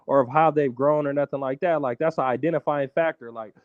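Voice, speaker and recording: Fast-talking man in casual barbershop chat. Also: fairly high pitch, no echo, phone-quality sound. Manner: fast, conversational, peppered with "bro" and "like". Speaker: barbershop panelist. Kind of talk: casual debate.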